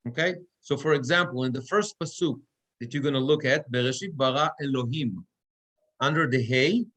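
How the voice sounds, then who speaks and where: A man's voice: mid-range voice, normal speed, fairly bright tone. A cantor teaching Torah reading in a classroom, explaining step by step and checking in with his students often. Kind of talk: classroom lecture. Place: synagogue classroom.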